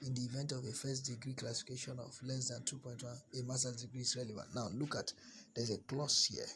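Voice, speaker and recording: A man's voice: mid-range voice, fairly even intonation, fast talker, sharp tone, a little hiss or hum. A man from Nigeria, walking viewers through a university application on screen. He repeats key words for emphasis and often restarts his phrases. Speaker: scholarship application guide. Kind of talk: screen-share walkthrough.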